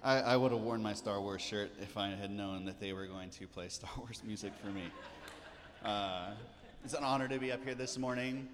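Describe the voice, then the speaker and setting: A man's voice: fairly low pitch, moderate pace. A male pastor giving a casual, joking sermon from a church stage, full of fillers and asides. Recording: church hall reverb, faint noise.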